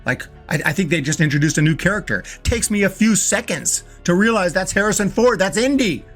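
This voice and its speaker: A man's voice: high-pitched, expressive, a little fast, fairly bright tone, soft background music. A man giving a casual, enthusiastic film review, often stumbling and repeating words as he talks. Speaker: movie reviewer.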